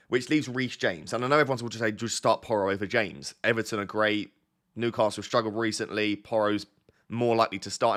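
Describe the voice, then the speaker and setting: A man's voice: fairly low pitch, fairly bright tone. A man talking casually on a live stream, rambling and self-deprecating as he thinks aloud to his chat, his voice slightly bunged up. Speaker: fantasy football streamer.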